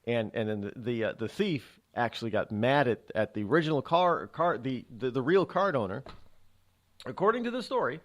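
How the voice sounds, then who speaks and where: A male talk radio host tells a story in an amused, rambling way. He stumbles and restarts often, and his pitch swings widely as he talks. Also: very animated, moderate pace. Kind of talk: casual radio monologue.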